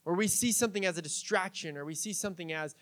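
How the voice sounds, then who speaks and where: A young man with a high, light voice preaching a casual sermon. He chats with his congregation, mixing stories and small jokes with easy fillers. His delivery stays relaxed and conversational. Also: fast. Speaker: pastor.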